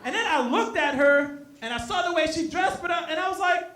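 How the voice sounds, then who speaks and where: High-voiced profane stand-up comic. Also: male voice, brisk, roomy sound, noisy background. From Brooklyn. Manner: animated, profane storytelling with bursts of laughter. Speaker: stand-up comic and show host. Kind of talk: stand-up comedy set. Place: comedy venue with a live audience.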